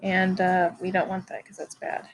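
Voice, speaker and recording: A woman giving a recorded biology lecture to students, halting and informal, with many fillers and restarts. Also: on the low side, completely flat delivery, a little hiss or hum, poor audio. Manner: informal, addresses students directly.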